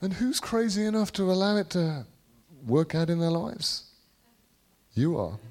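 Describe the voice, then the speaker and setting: A British man preaching a charismatic sermon, rambling and repeating phrases, dropping to low musing then breaking into sudden shouts. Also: moderate pace. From Britain.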